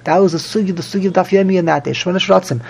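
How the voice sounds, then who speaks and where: A man teaching a Talmud class, an animated, repetitive, joking storyteller who mixes in Hebrew and Yiddish terms. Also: sits high, rapid-fire, creaky, a little hiss or hum. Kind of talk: Daf Yomi Talmud class.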